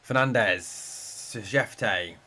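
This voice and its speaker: Speaking very slowly in a lowish, sharp voice, a man hosts a casual fan watch-along and commentates on the play as it happens. He chats loosely, swears often and answers comments from viewers.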